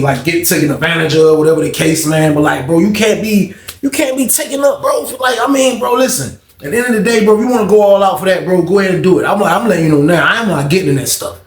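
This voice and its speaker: A young man telling a story from his life in a casual, slangy way, acting out the dialogue as he goes. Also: on the high side. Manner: slangy, animated retelling with quoted dialogue. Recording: roomy echo.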